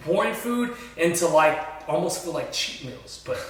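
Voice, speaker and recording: A man hosting a casual chat, upbeat and energetic, recorded in a room with roomy echo, a bit away from the mic. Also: fairly high pitch, normal speed, far from the mic, slight background noise. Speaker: podcast host.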